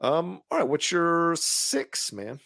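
A man talks films in a relaxed, unfiltered way, his pitch bouncing around with real life. There's a gravelly edge to his voice, and the sound is close and dry with no room around it. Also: takes it slowly, no echo. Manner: animated, swearing, laughs often. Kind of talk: casual movie chat.

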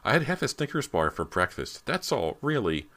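A man's voice: mid-range voice, sing-song, fairly bright tone, voice pushed up. A man doing a pushy teenage girl. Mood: insistent. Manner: insistent, rushed. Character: pushy, hungry teenage girl cutting in line.

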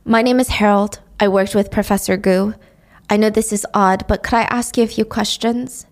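A woman's voice: medium pitch, fairly even intonation, normal speed, darkish tone, natural voice. Woman doing Harold, a hesitant polite man. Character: polite, nervous man, a colleague.

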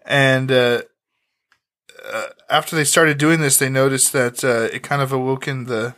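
A man's voice: medium pitch, fairly even intonation, normal speed, a bit bright. A man co-hosting a casual podcast, recapping an old TV episode in a laid-back, joking way with profane asides. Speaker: podcast co-host.

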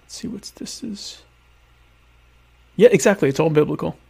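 A man's voice: on the high side, lively intonation, normal speed, gravelly, warm tone, breathy edge. A man hosting his own livestream show, chatting casually and sarcastically with his viewers in rambling, self-mocking asides.

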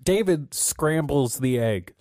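A man's voice: on the high side, animated, takes it slowly, warm tone, no echo. Podcast guy joking around and laughing a lot, dry close sound. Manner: joking, laughs often, crude humor. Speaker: podcast co-host. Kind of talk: casual chat.

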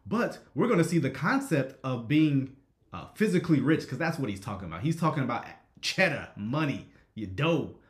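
A man's voice: mid-range voice, very animated, normal speed. Brief: male live-stream host, conversational and asking "right?", room echo. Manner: conversational, frequent "right?" checks, reads chat.

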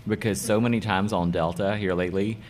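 This middle-aged man, an interviewed hairdresser and salon owner, speaks on the low side with a steady, darkish tone and a slightly fast pace. In casual conversation he's enthusiastic and emphatic, repeating key phrases, with slight background noise.

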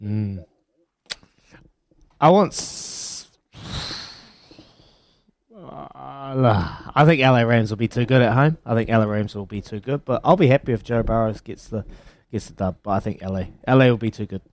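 A man co-hosting sports radio, relaxed and joking. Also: medium pitch, brisk, creaky, dry recording. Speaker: radio co-host. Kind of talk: casual radio chat.

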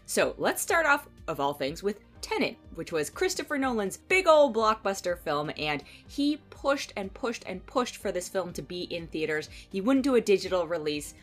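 A woman giving a casual, candid spoken film review, opinionated and animated, voicing little mock quotes. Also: medium pitch, normal speed, hardly any pauses, soft background music.

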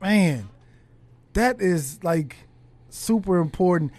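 A man's voice: high-pitched, expressive, a little mellow, no room sound. A man hosting a podcast who speaks casually and reflectively, often restarting his sentences. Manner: reflective, halting, with many restarts. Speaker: podcast host. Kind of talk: casual conversation.

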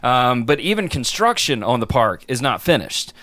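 A man's voice: medium pitch, very animated, normal speed, a bit bright, dry recording. A man hosting a casual podcast, telling film trivia in a loose, chatty way with fillers, laughter and swearing. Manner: laid-back storyteller, frequent fillers and laughs, swears. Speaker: podcast host. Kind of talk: casual chat.

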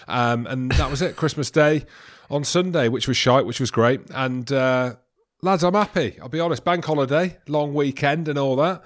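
A man's voice: mid-range voice, moderate pace. Podcast co-host, man, boisterous storyteller, casual banter.

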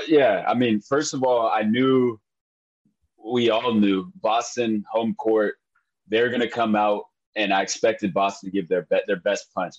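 Emotional rambling man, dull lo-fi sound. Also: fairly low pitch. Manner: emotional, rambling, repeats himself. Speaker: podcast co-host. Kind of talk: casual sports chat.

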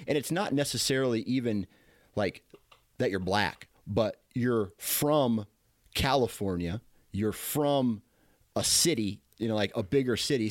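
A man hosting a podcast, talking in a slow, measured way with frequent fillers. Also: mid-range voice, no echo, studio quality. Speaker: podcast host. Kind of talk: casual interview chat.

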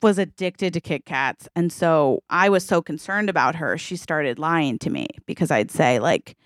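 A woman co-hosting a podcast, telling a comic story in an animated way, laughing often and acting out the people in it. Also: low voice, normal speed, no echo, clean studio sound. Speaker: podcast co-host. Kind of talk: comedic storytelling chat.

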